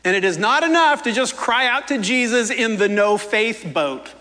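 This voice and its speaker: Animated man preaching in a big hall. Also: very high-pitched, normal speed. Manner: animated, playful, acts out the quotes. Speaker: pastor. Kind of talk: sermon.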